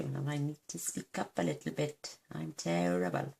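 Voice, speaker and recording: A woman from the United Kingdom demonstrating card making, soft-spoken and mumbling to herself, gushing over her work. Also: sits low, normal speed, vocal fry, slightly rough. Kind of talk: crafting tutorial.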